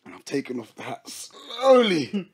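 A man's voice: a little high, measured pace, a little hiss or hum. A young man, telling a funny story in casual chat and laughing a lot as he goes. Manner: animated, laughing storytelling in slang.

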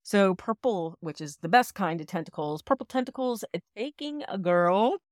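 A woman's voice: medium pitch, expressive, moderate pace, no room sound, studio quality. A woman co-hosting a casual podcast, talking frankly and laughing often. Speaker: podcast co-host.

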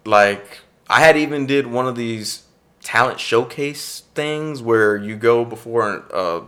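A man's voice: mid-range voice, measured pace. A man from East Austin, Texas, a stand-up comedian and actor, telling stories in a casual interview and acting out past conversations. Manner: animated storyteller who acts out past conversations.

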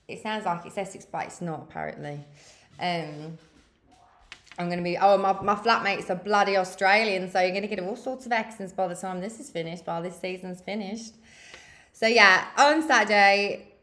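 A woman's voice: fairly low pitch, moderate pace, sharp tone, reverberant. A woman of thirty giving a frank, motivational pep talk as a podcast host. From England. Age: 30s. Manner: frank, swears freely, big-sister tone. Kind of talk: candid motivational chat.

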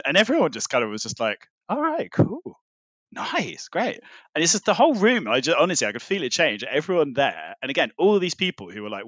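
A man's voice: medium pitch, a bit bright, no echo. A man chatting casually as a podcast guest, telling a long story with many fillers and restarts. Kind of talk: casual chat.

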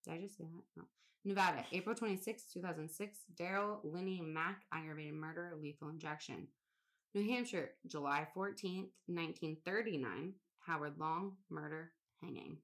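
A woman co-hosting a laid-back podcast with a slightly low voice. She reads a long list aloud in a casual way, swearing now and then and laughing at odd names. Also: moderate pace. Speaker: podcast co-host.

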